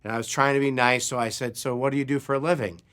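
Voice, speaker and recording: A man preaching a sermon, telling a personal story with animated delivery and acted-out shouts. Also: mid-range voice, quick pace, clear, resonant tone. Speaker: pastor.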